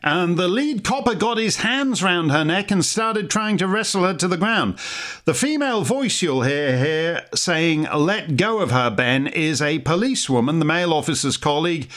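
A man's voice: on the high side, lively intonation, normal speed, fairly bright tone. A middle-aged man hosting a commentary show, delivering sarcastic, mocking scripted remarks with dry wit.

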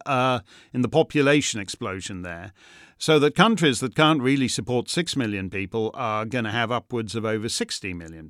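A man's voice: mid-range voice, a bit bright, no room sound, clean studio sound. A man hosting an opinionated commentary monologue, rambling with stumbling restarts and breaking into heated outbursts. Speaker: host.

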